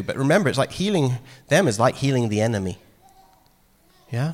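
Guy giving a chatty sermon, lively, long reverb from a big hall. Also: medium pitch, fairly quick, long pauses. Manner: animated, conversational, acts out quoted lines. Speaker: preacher.

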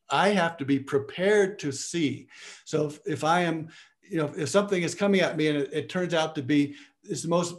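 Lecturing and fielding questions from his audience, a man with a slightly high voice frequently starts phrases over as he hunts for the right words.

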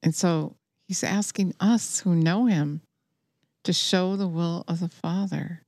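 A woman with a fairly low voice delivers a sermon. She speaks earnestly and with urgency, pressing her listeners to act. The sound is close and dry, with almost no room echo. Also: slow pace, a little mellow. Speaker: preacher.

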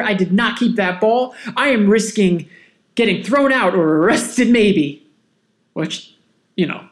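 A man hosting a podcast, telling a personal story in a casual, animated, self-mocking way. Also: sits high. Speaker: podcast host.

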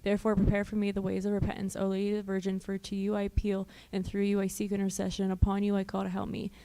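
A woman reading penitential prayers aloud during a liturgical service, in a fast, even recitation. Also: mid-range voice. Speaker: prayer reader.

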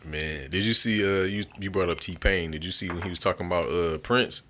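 A man co-hosting a casual chat, throwing in quick playful reactions and laughing often. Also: sits low, steady tone, noisy background.

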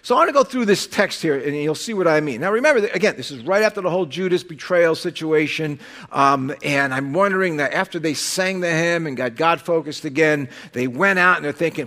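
A man preaching a sermon as pastor, conversational and animated, with sudden loud bursts and quiet drops. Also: high voice, normal speed.

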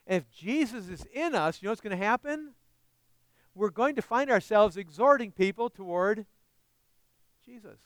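A man's voice: sits high, animated, normal speed, long pauses, no room sound. A man preaching a sermon as pastor, earnest and often asking his listeners questions.

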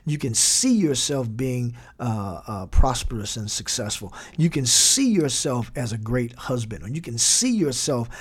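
A man's voice: medium pitch, sing-song, a little slow, hardly any pauses, husky. Man teaching a bible study. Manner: conversational, repeats and builds emphasis, frequent fillers.

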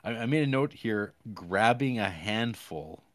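A man with a fairly low voice, talking close to a dry mic with no room sound. He co-hosts a podcast, recapping a film's plot in a casual, halting ramble full of fillers and crude asides. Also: animated, fairly bright tone, dry recording. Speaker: podcast co-host. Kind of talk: casual movie review chat.

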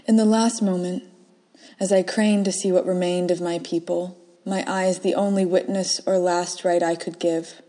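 A woman reading her own first-person short story aloud, soft and measured, dropping to whispers in quiet moments. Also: fairly low pitch.

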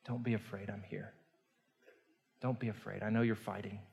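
A man voicing a gentle, reassuring divine figure in a soft, hushed way during a sermon. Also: on the low side, little pitch movement, moderate pace, gravelly. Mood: tender.

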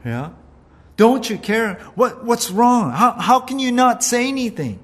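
A preacher voicing a frustrated, overworked woman who complains in exasperated, rapid-fire questions. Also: very high voice, big pitch swings, fairly bright tone, voice pushed up, exaggerated voice.

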